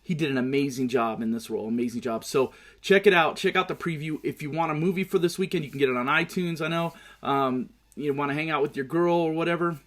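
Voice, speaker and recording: A man's voice: on the high side, fast talker, few pauses, fairly bright tone. Profane man ranting about sports. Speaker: show host. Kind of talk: casual sports and movie commentary.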